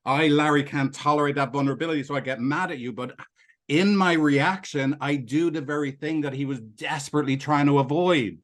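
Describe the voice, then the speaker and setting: Calm man explaining, checking in with "right?". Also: on the high side, brisk. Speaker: host, counselor. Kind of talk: reflective explanation in conversation.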